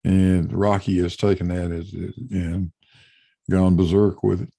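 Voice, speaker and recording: A man's voice: deep voice, flat delivery, takes it slowly, vocal fry, mellow, no room sound. A man hosting a casual talk show, blunt and profane with dry joking. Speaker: host. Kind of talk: casual chat.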